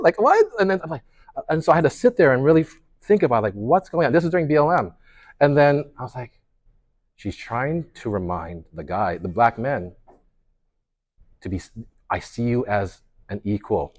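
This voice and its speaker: A man, a pastor, leading a workshop in a conversational way, telling stories with lots of restarts and fillers. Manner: animated storyteller, lively pitch swings, many restarts and fillers.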